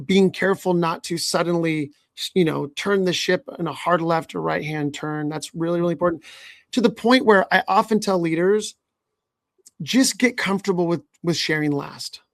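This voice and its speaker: A man's voice: on the high side, moderate pace, gravelly, no room sound, studio quality. A man hosting a podcast as a leadership coach, giving earnest advice and often checking in with "right?". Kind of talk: podcast conversation.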